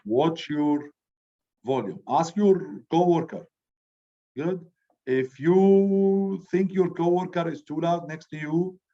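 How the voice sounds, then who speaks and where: A middle-aged man teaching a class, speaking loudly and with energy, checking in with the students by saying "good" after each point. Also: on the high side. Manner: loud, animated, repeats "good" as a check-in. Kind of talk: classroom lecture. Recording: dull lo-fi recording.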